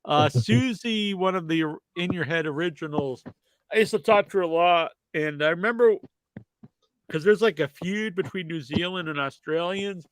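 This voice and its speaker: On his live podcast, a host with a blocked nose fields viewer questions in a loose, rambling style full of fillers. His voice is high-pitched at a moderate pace, with no room sound.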